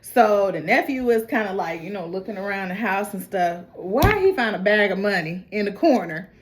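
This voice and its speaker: Female recap host, lively and slangy, mid-range voice. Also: mid-range voice, moderate pace. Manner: animated, slangy, laughing asides. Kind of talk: casual recap storytelling.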